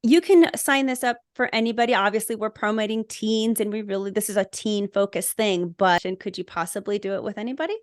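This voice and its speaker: A woman hosts a parenting podcast and asks earnest, clear questions of her guests. Her voice is recorded close, with a dry sound and no room echo. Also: mid-range voice, fairly quick, hardly any pauses. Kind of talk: podcast interview.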